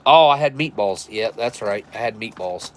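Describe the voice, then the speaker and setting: This live stream host reviewing military rations has a fairly low, animated voice and talks at a normal speed. His chat is casual and meandering, full of thinking aloud and self-corrections.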